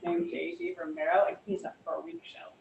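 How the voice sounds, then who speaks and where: A woman's voice: lowish voice, sing-song, moderate pace, gravelly, a little mellow, lo-fi sound. A young woman giving a casual motivational talk, enthusiastic and chatty with lots of "like" and "you guys". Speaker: guest speaker. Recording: echoey room, far from the mic.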